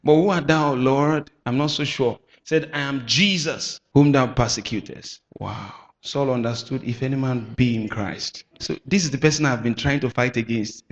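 A man preaching a sermon with emphatic bursts, shouting at times and calling on the congregation to answer back. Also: mid-range voice, normal speed, hardly any pauses, dull audio. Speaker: pastor. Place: church hall. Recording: echoey hall.

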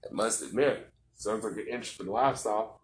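A man with a lowish voice and a drawl hosts a casual podcast interview, rambling through jokes and cussing as he goes. A faint hum of ambience sits behind him. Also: fairly quick. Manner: joking, rambling, profane. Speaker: podcast host.

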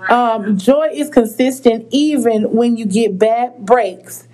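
A woman co-hosting a casual talk podcast, easygoing and measured. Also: a little high, warm tone, poor audio. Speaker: podcast co-host. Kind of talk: casual chat.

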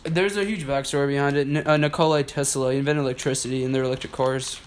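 A young man chatting casually on a podcast, blunt and quick with retorts. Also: mid-range voice, fairly even intonation, a little hiss or hum. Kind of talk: casual crude chat.

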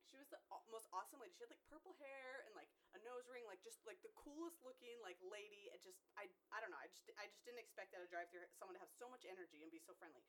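A woman who works as a local news reporter, chatting casually and telling animated stories. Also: mid-range voice, very fast, few pauses. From Utah. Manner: bubbly, animated storyteller. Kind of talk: casual chat.

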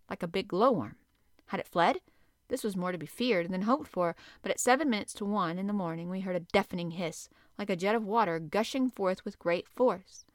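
A woman's voice: medium pitch, no echo, studio quality. A woman narrating an audiobook.

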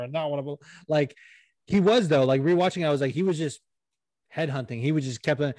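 A man co-hosting a casual sports podcast, animated and swearing freely, with lots of fillers. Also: fairly high pitch, brisk, no room sound, studio quality. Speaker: podcast co-host.

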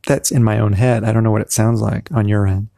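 A man hosting a show, chatting in rambling, self-correcting asides and reading poems aloud slowly, building to loud cries. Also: fairly low pitch, steady tone, creaky, no room sound, studio quality. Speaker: podcast host reciting poetry. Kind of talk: casual chat and dramatic poetry reading.

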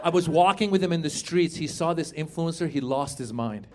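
A middle-aged man performing a stand-up comedy set on a club stage, animated, acting out characters and shouting punchlines. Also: fairly high pitch, a little fast. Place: comedy club stage before a live audience. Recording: live club recording with crowd noise. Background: audience laughter.

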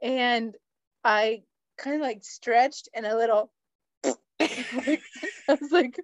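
A woman co-hosting a podcast, telling loose stories and swearing often as she laughs through them. Her voice sits fairly high, and the sound is dry and a little muffled. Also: measured pace, no echo. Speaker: podcast co-host. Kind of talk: casual chat.

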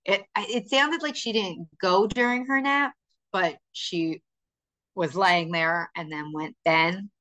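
A woman's voice: lowish voice, slow pace, sharp tone. A woman co-hosting a podcast, chatting casually and telling stories with frequent laughter. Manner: chatty storytelling, laughing often. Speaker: podcast co-host. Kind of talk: casual chat.

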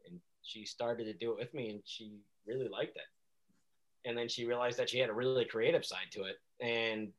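A man chatting as a guest on a casual podcast, telling stories in an animated way with frequent laughs. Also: mid-range voice, moderate pace, poor audio. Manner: animated storyteller who laughs often and slips into voices.

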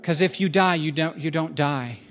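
A man preaching a sermon in a conversational, animated way, joking with the congregation in a church hall. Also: on the high side, normal speed, faint music behind. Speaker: pastor.

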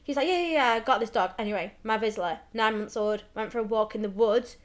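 A woman's voice: a little high, fast talker. A woman co-hosting a podcast, chatting casually and acting out quotes as she tells a story. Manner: animated storytelling, acts out quotes. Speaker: podcast co-host. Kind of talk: casual chat.

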